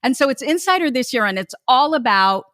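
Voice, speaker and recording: A woman from the United States hosting a podcast, talking conversationally with quick asides and tag questions. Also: sits high, expressive, fairly bright tone, no room sound, studio quality. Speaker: podcast host. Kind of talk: casual podcast interview.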